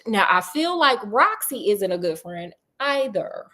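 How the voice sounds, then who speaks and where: A woman's voice: mid-range voice, big pitch swings, measured pace, few pauses, sharp tone. A woman casually retelling a children's story, chatty with sassy asides and frequent laughs. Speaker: storyteller host.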